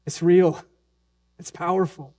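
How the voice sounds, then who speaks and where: A man in his thirties preaching a Sunday sermon as pastor in a church, earnest, dropping to a hush and then rising with urgency. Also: high voice, level tone, unhurried. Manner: earnest, swings from hushed and soft to raised and urgent. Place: church sanctuary during a Sunday service.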